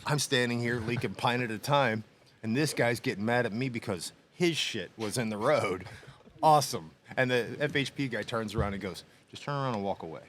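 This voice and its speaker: In a small machine shop studio, a middle-aged male podcast co-host tells a story during a casual chat, speaking in a mid-range voice at normal speed with slight background noise. He's lively and animated, imitating other people's voices and laughing often.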